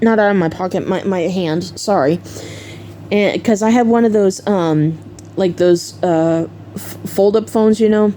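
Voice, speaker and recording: A woman with a mellow, warm voice tells a personal story in a casual way. She is hesitant and fills her talk with fillers, often stopping to correct herself. Her pitch sits in a middle range, and a faint noise can be heard behind her. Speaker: storyteller vlogger.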